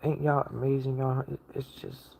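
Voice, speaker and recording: A man's voice: medium pitch, monotone, moderate pace, vocal fry, background noise. A man giving a casual online sermon, preaching emphatically and repeating himself as he builds each point. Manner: repetitive, emphatic preaching with restarts. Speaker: lay preacher.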